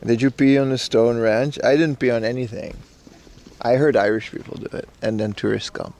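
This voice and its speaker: A man's voice: mid-range voice, fairly even intonation, moderate pace, darkish tone. A man streaming live from a park, chatting casually and reading out chat with loose, slangy rambling. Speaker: IRL streamer. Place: outdoors in a park in Japan.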